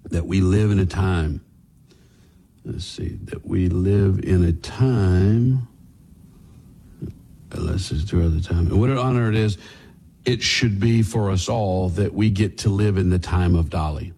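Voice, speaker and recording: A man's voice: deep voice, dark tone, breathy edge. A man hosting a radio call-in show, taking callers and delivering his lines with dry comic timing. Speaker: radio talk show host.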